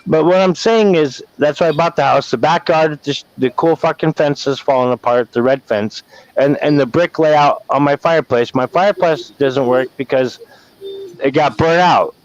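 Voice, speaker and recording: A man's voice: a little high, normal speed, no echo. A man from Wyoming, rambling and swearing as he vents emotionally in a casual chat. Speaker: guest caller venting. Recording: dull lo-fi sound.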